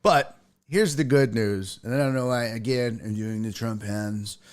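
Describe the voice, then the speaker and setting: A man hosting a sports talk show, chatting casually in an animated, profane way that jumps between tangents. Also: medium pitch, unhurried, clear, resonant tone. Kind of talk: casual chat.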